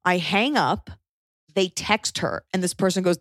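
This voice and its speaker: Woman, thirties, casual storyteller, slightly low voice, animated, dry close mic. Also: measured pace, no room sound. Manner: animated, acts out quotes, swears when angry.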